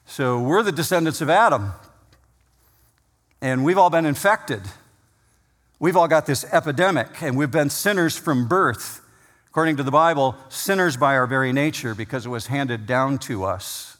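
A man preaching from the pulpit of a church, his voice pitched in the ordinary middle range. He leans hard into key words, slowing and lifting them for emphasis. A long reverb from the big hall trails after every phrase. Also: fairly bright tone. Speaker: pastor. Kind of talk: sermon.

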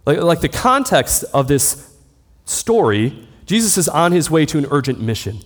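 Male pastor, thirties, preaching casually and telling stories, pitch rising and falling a lot. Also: sing-song, moderate pace. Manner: conversational storytelling preacher. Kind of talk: sermon.

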